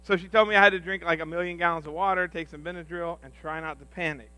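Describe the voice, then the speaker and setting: A man on a church's staff giving a humorous sermon, telling self-deprecating stories in an animated, jokey way. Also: on the high side, fast, no echo. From rural upbringing.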